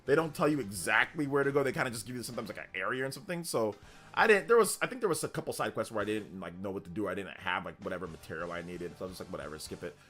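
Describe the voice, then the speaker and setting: Hyped, lively male streamer. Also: on the low side, rapid-fire. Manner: hyped, reads out and thanks donors. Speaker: livestream host. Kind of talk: casual live-stream chat.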